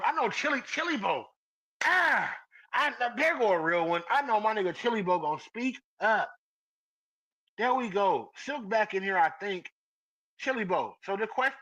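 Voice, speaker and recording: A man's voice: sits high, bright, forceful tone, muffled recording. A man hosting a casual live podcast, teasing his listeners and calling them out by name, laughing often. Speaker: podcast host. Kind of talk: casual live-stream chat.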